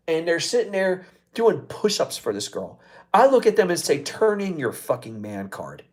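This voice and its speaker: Animated, profane ranting man host. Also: sits high. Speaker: show host. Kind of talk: casual live-show rant.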